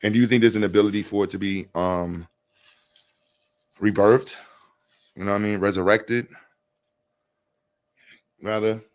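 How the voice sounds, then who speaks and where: A man's voice: fairly low pitch, fairly even intonation, normal speed, long pauses. Slangy man hosting a live stream. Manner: slangy, reads chat messages aloud and responds. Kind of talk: casual live-stream chat.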